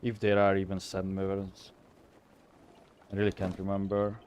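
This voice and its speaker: A man's voice: sits low, completely flat delivery, unhurried, a little mellow, slight background noise. A young man streaming a game, chatting casually and thinking aloud as he rambles with fillers. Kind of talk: casual live game commentary.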